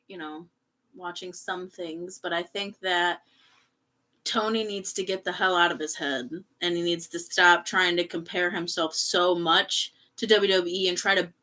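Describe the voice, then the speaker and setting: Woman chatting bluntly on a podcast. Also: medium pitch. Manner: relaxed, laughing, blunt, swears casually. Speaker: podcast guest, host's wife. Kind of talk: casual podcast chat.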